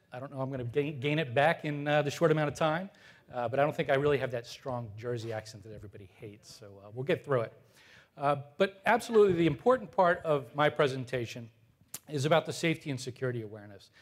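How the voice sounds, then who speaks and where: A man in his fifties giving a conference talk to an audience, loose and conversational with many filler words and light self-deprecating humor. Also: mid-range voice. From United States. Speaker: conference presenter.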